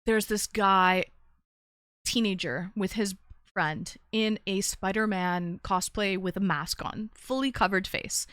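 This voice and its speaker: Woman streamer, casual rambling chat, mid pitch, dry close sound. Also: a bit bright, no echo. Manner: chatty, rambling, reads chat aloud. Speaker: streamer hosting a call-in show.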